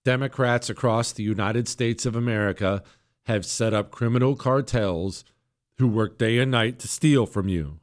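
A hoarse male talk radio host in mid-rant. His voice sounds worn and close to giving out, but he keeps pushing, punching some words up high and loud, then dropping into sarcastic asides. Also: normal speed. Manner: emphatic, sarcastic, swings between loud jabs and low mutters. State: hoarse, voice nearly gone. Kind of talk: opinionated political talk radio monologue.

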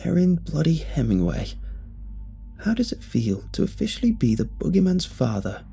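A man's voice: fairly high pitch, very animated, normal speed, gravelly, mellow, faint music behind, pitched above the performer's own voice. A man voicing a playful, teasing young male friend in a spoken horror story. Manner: joking, teasing.

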